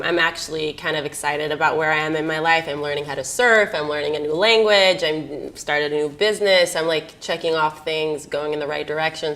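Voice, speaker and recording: A woman's voice: fairly low pitch, fairly bright tone. A woman in her thirties telling candid personal stories in an interview, rambling and laughing often. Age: 30s.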